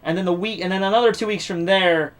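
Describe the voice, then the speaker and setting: A man's voice: high-pitched, fast. A young man hosting a fan contest on his channel, talking to viewers in a rambling, casual way with lots of fillers, restarts and offhand swearing. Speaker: YouTube channel host running a fan contest. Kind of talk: casual unscripted talk to viewers.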